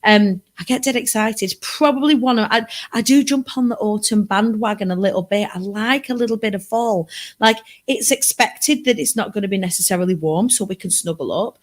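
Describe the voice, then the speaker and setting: A woman's voice: medium pitch, brisk. A woman from Britain hosting a casual livestream from her sofa, bubbly and chatty with rambling asides. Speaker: livestream host. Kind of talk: casual live chat. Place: home sofa.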